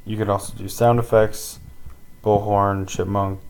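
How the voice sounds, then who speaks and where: A man teaching a casual screen-recorded tutorial, rambling with many pauses and ums. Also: lowish voice, level tone, creaky, slight background noise, poor audio.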